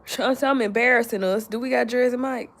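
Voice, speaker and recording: Sleepy woman livestream host, casual and slow-paced, slightly high with a gravelly fry. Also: steady tone. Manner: slow and drowsy, talks straight to viewers. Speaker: livestream host reading viewer comments. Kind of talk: casual live chat.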